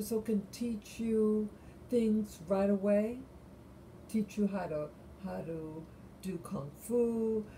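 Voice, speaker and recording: Woman vlogger, deep mellow tone, unhurried, halting late-night monologue. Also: slight background noise, poor audio. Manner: halting and musing, many restarts.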